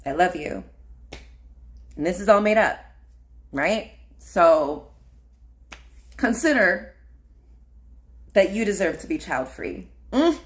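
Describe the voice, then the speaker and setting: A woman's voice: fairly low pitch, animated, slow pace, pauses often. A woman hosting a casual solo livestream, rambling with lots of fillers and "like". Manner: rambling, filler-heavy, frequent laughs and "like". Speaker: podcast host.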